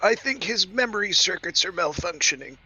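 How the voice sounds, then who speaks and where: A man's voice: high voice, animated, fairly quick, sharp tone, husky, soft background music, rough recording. A man playing a tabletop game, answering in a breezy, in-character way. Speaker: player. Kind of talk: casual tabletop game play.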